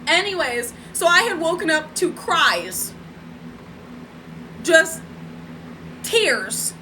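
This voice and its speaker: Chatty woman livestreaming from home, high voice, laughs a lot, talks to chat, faint room hum. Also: big pitch swings, very slow, bright, forceful tone, rough recording. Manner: chatty, laughing, talks to viewers and her cat. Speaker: spiritual vlogger. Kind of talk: casual live-stream storytelling.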